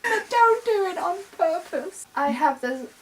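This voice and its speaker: A woman's voice: extremely high pitch, sing-song, unhurried, far from the mic, slight background noise, rough recording. A young woman from Germany, a native German speaker, chatting casually in English as co-host, with a German accent that people have taken for Australian; she talks in hesitant bursts and laughs easily. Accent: German, with traces described as Australian-sounding. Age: young adult. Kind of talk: casual chat.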